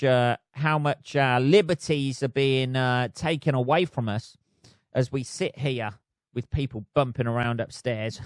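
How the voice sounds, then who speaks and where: A man's voice: mid-range voice, no room sound, studio quality. A man hosting a podcast alone, rambling in a sweary, self-mocking way. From United Kingdom. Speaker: podcast host. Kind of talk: casual solo rant. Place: flat.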